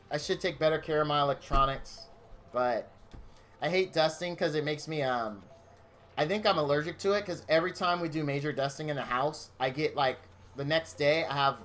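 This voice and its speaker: A male game streamer with a somewhat high voice talks from his game room at home. He rambles warmly and wears his feelings openly as he chats with his viewers, and faint music plays behind him. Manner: gushing, openly emotional, rambling. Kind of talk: casual stream chat.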